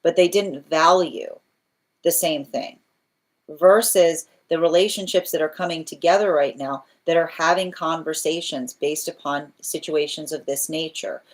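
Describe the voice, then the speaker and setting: Low-voiced woman giving a tarot reading. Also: unhurried. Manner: earnest, repetitive, often asks "right?"; restarts phrases while thinking aloud. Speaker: tarot reader.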